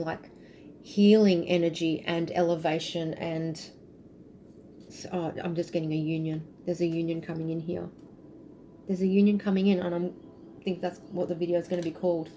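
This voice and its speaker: A woman's voice: fairly low pitch, a little mellow, slight background noise, poor audio. A woman giving a casual spiritual tarot reading, chatty and intuitive, trailing off with fillers, sounding tired. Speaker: tarot reader.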